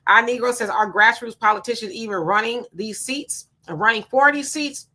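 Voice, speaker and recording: Woman livestreaming, bright sharp voice, greets folks by name and chats back at their comments. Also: on the high side, moderate pace. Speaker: livestream host reading viewer comments. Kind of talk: casual live-stream commentary.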